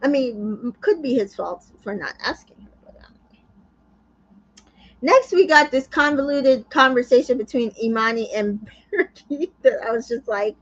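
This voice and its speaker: A woman's voice: on the high side, expressive, moderate pace, a bit bright, muffled recording. A woman hosting a casual reality TV recap, chatty, full of fillers and asides. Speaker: recap show host.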